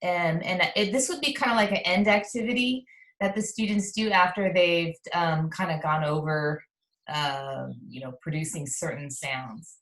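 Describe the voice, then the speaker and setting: A woman teacher in a workshop call, speaking modestly and hesitantly with frequent pauses. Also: on the low side, a bit bright, roomy sound. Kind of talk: casual video call chat.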